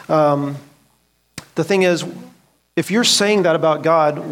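A man's voice: on the high side, takes it slowly, pauses often. A man teaching a church Bible class, asking the group questions and quoting scripture earnestly. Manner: earnest, asks the room questions, quotes scripture.

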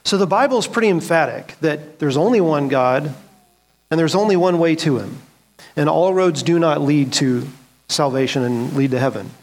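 A man's voice: a little high, normal speed. A man teaching a church Bible class, asking the group questions and quoting scripture earnestly. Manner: earnest, asks the room questions, quotes scripture.

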